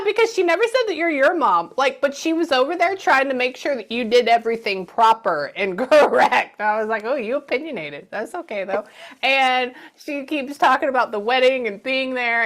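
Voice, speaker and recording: A woman's voice: a little high, fairly bright tone. A middle-aged woman giving a psychic reading, chatting away and acting out the messages she passes on. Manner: chatty, relays messages with quoted voices.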